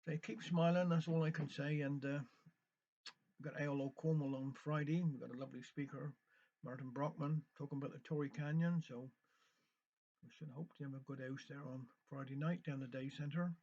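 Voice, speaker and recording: Older bloke, chatty and homely, fairly high voice, lo-fi sound. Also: male voice, steady tone, fairly quick, warm tone. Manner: homely, rambling, friendly. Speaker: local radio presenter and storyteller. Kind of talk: chatty announcements and rhymed dialect storytelling. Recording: dull lo-fi recording.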